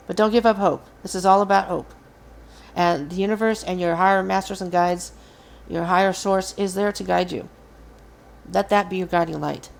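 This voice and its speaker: A woman's voice: medium pitch, vocal fry. A woman hosting a casual collective tarot reading, speaking earnestly and encouragingly to her viewers. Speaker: tarot reader.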